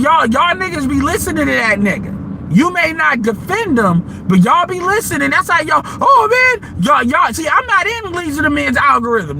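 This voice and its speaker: A man's voice: very high-pitched, noisy background. A man hosting an online audio room, ranting bluntly and profanely in casual commentary.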